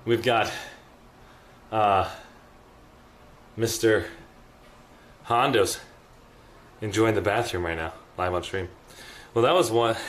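A man's voice: fairly low pitch, a bit bright, a little hiss or hum. A young man chatting casually to his live-stream viewers while moving around a house, reading out new followers and subscribers. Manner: chatty, talks to chat, reads out follows and subs. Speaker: IRL livestreamer. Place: indoors in a house, kitchen and bathroom.

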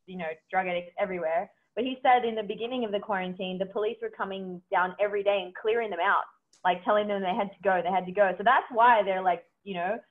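A chatty woman telling stories as a guest on a casual podcast. Her middle-pitched voice comes through a thin, phone-like remote call line. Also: quick pace. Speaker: podcast guest, business owner. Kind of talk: casual chat. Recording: tinny phone-like call audio.

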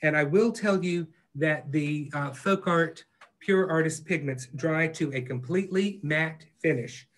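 A man leads a live online painting class, his voice sitting a bit high for a man. He talks in an easygoing, reassuring way, pausing often on fillers. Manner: relaxed, reassuring, lots of fillers. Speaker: painting instructor.

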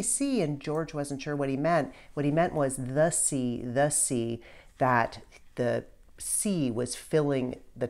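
Low-voiced woman reading aloud to kids. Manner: warm storytelling, casual asides to kids. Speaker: children's author. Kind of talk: children's book read-aloud.

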